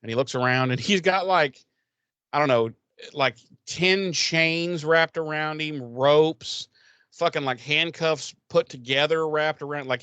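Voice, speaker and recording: A man's voice: on the high side, a bit bright, smooth, dry recording. A man casually recapping a TV episode on a podcast, swearing a lot and rambling with loose quoted voices. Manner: profane, rambling storytelling with mocking quoted voices. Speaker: podcast co-host.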